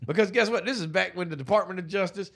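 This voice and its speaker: A man's voice: sits high, fast, fairly bright tone, slightly rough. A man in casual chat, recapping a movie with a friend, profane and joking as he retells it.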